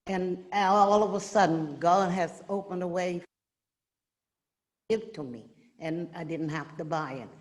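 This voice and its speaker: A woman's voice: lowish voice, unhurried, big-room sound. An older woman telling a heartfelt, rambling personal story in a casual way. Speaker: gift recipient sharing a story. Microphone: video call audio.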